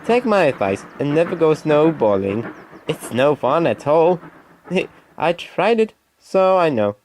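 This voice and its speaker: A man doing a friendly little tank engine from a children's storybook, pitched a bit higher and chatty. He gives advice in a bright, earnest way. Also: very animated, slow pace, slight background noise. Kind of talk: storybook reading.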